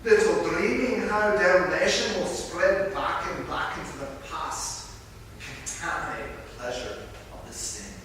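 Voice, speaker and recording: A man's voice: on the high side, expressive, measured pace, a bit bright, a little hiss or hum. A man reading aloud as a kindly old male spirit guide, in a put-on Scottish accent, heard from far off in an echoey hall. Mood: earnest. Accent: Scottish (put on, weak).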